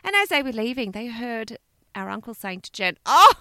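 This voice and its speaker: Chatty woman co-host, animated pitch, dry close recording. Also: brisk, clear, resonant tone, dry recording. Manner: chatty storyteller, laughs often. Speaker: podcast co-host. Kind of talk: casual chat.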